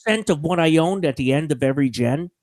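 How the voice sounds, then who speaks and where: A man chatting on a gaming podcast, excitable and quick to laugh and interject. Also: on the high side, no room sound, studio quality. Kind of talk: casual gaming podcast chat.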